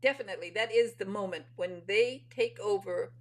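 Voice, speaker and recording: A woman's voice: medium pitch, normal speed, rough recording. A middle-aged woman hosting an interview, chatty and friendly, laughing easily as she talks. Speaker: interview host. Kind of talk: casual interview chat.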